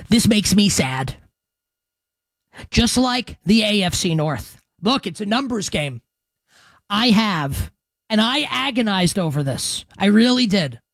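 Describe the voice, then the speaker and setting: A man's voice: sits high, no echo. A man hosting a sports radio show, making emphatic predictions with crude joking asides. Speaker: sports talk host.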